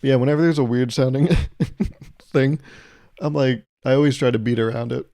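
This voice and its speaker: Gravelly-voiced man rambling on a podcast. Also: mid-range voice, steady tone, moderate pace, warm tone. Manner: rambling, self-mocking, laughs often. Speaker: podcast host. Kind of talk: solo comedic podcast monologue.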